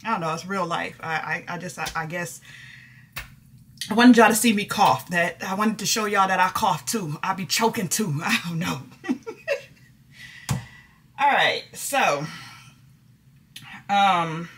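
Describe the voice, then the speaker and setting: A woman's voice: on the low side, takes it slowly, pauses often, fairly bright tone, slight background noise. A middle-aged woman vlogging casually to camera, chatty and folksy, often laughing as she talks.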